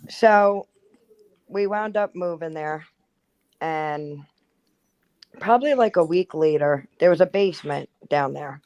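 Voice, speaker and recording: A woman's voice: low voice, takes it slowly, long pauses, a little mellow, clean tone, dull audio. A woman in her thirties telling a personal ghost story in casual chat, full of "like" and acted-out quotes. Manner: chatty, heavy use of "like", acts out quotes. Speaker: guest storyteller.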